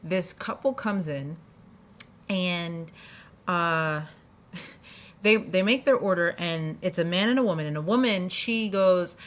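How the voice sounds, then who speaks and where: A woman's voice: fairly low pitch, takes it slowly, long pauses. A young woman telling funny stories from her jobs, chatty, often laughing, with lots of fillers and restarts. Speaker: vlogger. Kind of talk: casual storytelling.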